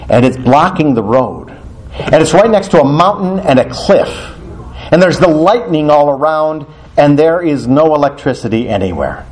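Animated priest telling stories from the pulpit. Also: male voice, a little high, a little hiss or hum. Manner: animated, often laughing mid-sentence, acts out dialogue. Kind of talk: storytelling sermon.

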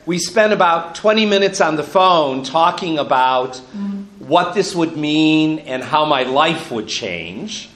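A man's voice: a little high, animated, slow, background noise. A bishop in his fifties telling a personal story to an audience, good-humored and chuckling as he goes. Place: room with an audience. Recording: roomy hall echo.

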